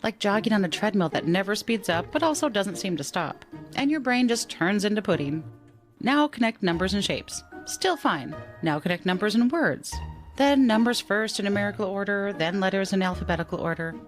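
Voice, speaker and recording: A woman podcast host telling a personal story in a measured way, slowly reading out strings of numbers. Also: mid-range voice, expressive, soft background music.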